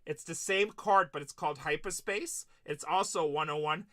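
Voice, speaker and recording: A man's voice: fairly high pitch, normal speed, fairly bright tone. A man hosting a live card-break stream, chatting casually and retelling stories of his conversations with customers.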